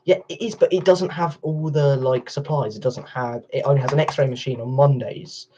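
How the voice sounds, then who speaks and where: A man rambling and bickering with his livestream chat while he plays. His voice is dark and mellow. The stream audio is dull and lo-fi, with faint keyboard typing behind him. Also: mid-range voice, normal speed, a little hiss or hum. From England. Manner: rambling, argumentative replies to chat.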